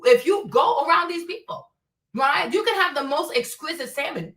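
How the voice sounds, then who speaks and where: A high-pitched, sing-song voice moves briskly, with a fairly bright tone, as an African woman hosts a livestream. She rants bluntly and profanely, throwing out plenty of rhetorical questions to push her opinions. The recording has room echo and a distant mic.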